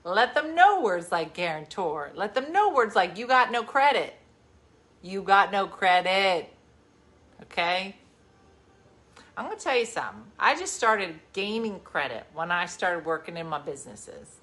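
A woman in her forties hosting a livestream, telling stories in a casual chat and swinging from loud bursts to hushed asides. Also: medium pitch, sing-song, moderate pace, few pauses. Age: 40s. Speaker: livestream host.

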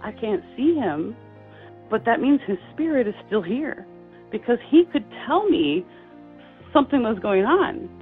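A woman's voice: measured pace, faint music behind. Earnest woman telling a story over a tinny line. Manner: earnest, lively quoting of dialogue with high acted voices. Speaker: guest sharing a story. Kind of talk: emotional personal storytelling.

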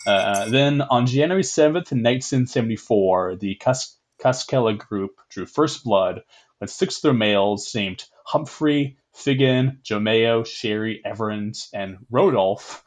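Young male podcast host, fairly low voice, loose and rambling, quick to laugh. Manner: rambling, laughs often, swears casually. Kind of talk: casual history podcast chat.

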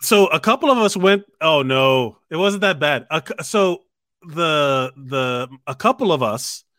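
A man's voice: a little high, expressive, measured pace, fairly bright tone, no room sound, studio quality. A man chatting casually as a podcast co-host, telling a story with many restarts and self-corrections. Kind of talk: casual chat.

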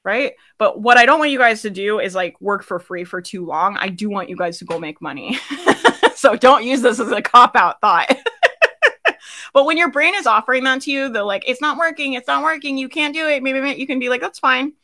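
A woman's voice: on the high side, expressive, normal speed, sharp tone. A young adult woman coaching business owners live, talking in a chatty way with lots of "like" and "right?" and frequent laughter. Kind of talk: live coaching talk to an online audience.

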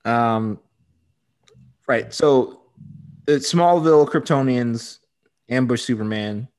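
A man's voice: medium pitch, slow, darkish tone. Male podcast co-host, casual recap, easy laughter. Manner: recaps the plot, laughs often. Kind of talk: casual chat, episode recap.

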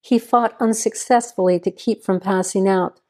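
A woman narrating a suspenseful audio drama in a measured, scripted delivery. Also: medium pitch, fairly even intonation, dark tone.

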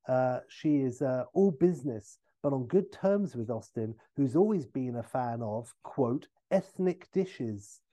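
Man pitching a comedy caper, mellow voice. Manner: rambling, with fillers and self-corrections. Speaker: podcast host pitching a film idea. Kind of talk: comic storytelling pitch.

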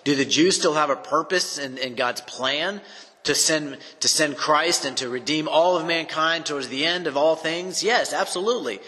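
An earnest man teaching through a Bible chapter in his own unscripted words, pressing his points by repeating them. His voice is bright and forward. It carries a long reverb, as if he speaks in a large room. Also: a little high, normal speed.

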